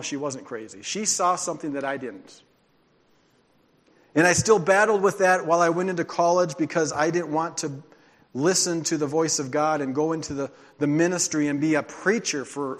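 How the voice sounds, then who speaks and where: A man's voice: a little high, a bit bright. A man preaching a sermon as a pastor, telling his own testimony in an earnest, confessional way. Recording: long hall reverb.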